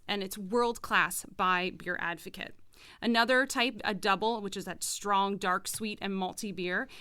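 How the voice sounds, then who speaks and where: A woman's voice: mid-range voice, pushed and bright, clear, resonant tone, dry recording. A woman co-hosting a casual podcast, explaining beer styles from her notes with chatty asides. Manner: informative, reads notes with asides. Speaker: podcast co-host presenting a beer segment. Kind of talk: casual podcast chat, semi-scripted explainer.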